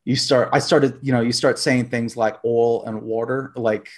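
A man chatting casually as a podcast guest, rambling and filling pauses with "like". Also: mid-range voice, steady tone. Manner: rambling, heavy use of "like" fillers. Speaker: podcast guest, dice maker. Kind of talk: casual chat.

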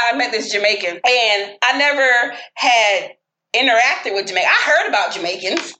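A woman telling dating stories in casual chat, profane and animated. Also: sits high, roomy sound.

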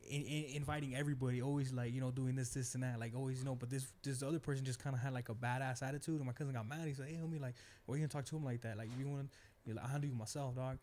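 A man hosting a casual podcast conversation, telling a story in relaxed, slangy speech. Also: medium pitch, very fast. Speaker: podcast host.

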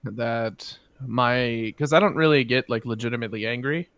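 A man's voice: medium pitch, moderate pace, no echo. A young man co-hosting a podcast in casual chat, joking and swearing as he retells stories. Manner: joking, swears freely, mock-yells in retold quotes. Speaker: podcast co-host.

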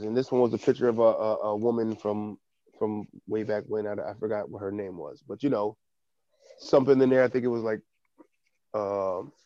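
A man co-hosting a podcast, telling an animated story in casual chat and swearing often. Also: lowish voice, dry recording, highs cut off. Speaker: podcast co-host.

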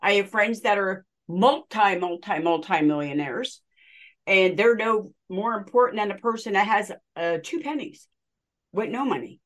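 Woman host, faith talk, emphatic and affirming, middle pitch. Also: moderate pace. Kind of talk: faith-based interview chat.

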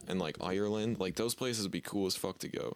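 A man's voice: deep voice, brisk, clear, resonant tone, no echo. A young man with a Northeastern US accent, co-hosting a podcast in laid-back chat and swearing freely. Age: young adult. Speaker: podcast co-host. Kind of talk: casual chat.

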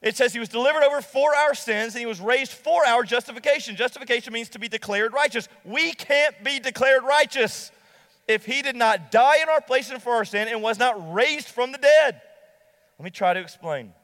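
A pastor preaching a sermon to a congregation, emphatic and slowing down to stress key lines. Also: male voice, extremely high pitch, fairly bright tone, big-room sound.

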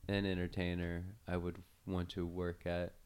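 A man's voice: low-pitched, monotone, moderate pace, darkish tone, clean tone. A man hosting a podcast, telling a story in a loose, profane way full of fillers. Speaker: podcast host. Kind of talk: casual storytelling chat.

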